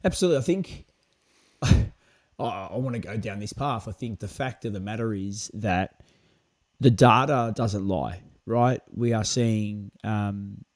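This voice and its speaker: A man's voice: on the low side, darkish tone, no echo, studio quality. A man, a podcast guest chatting in an upbeat, friendly way. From Australia. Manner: upbeat and friendly, calls people mate. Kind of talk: casual podcast chat.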